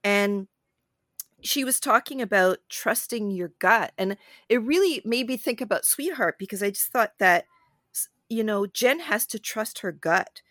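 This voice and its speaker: A woman co-hosting a casual film podcast, animated and chatty, laughing often. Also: medium pitch, unhurried, no room sound, clean studio sound. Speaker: podcast co-host.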